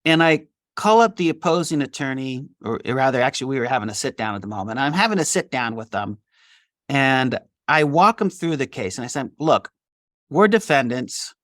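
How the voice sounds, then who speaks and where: A middle-aged man, a litigation attorney, talks as an interview guest. His pitch swings widely as he tells a story from his career and acts out the dialogue. The sound is dry and close. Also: brisk, no echo. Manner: animated, acts out quoted dialogue.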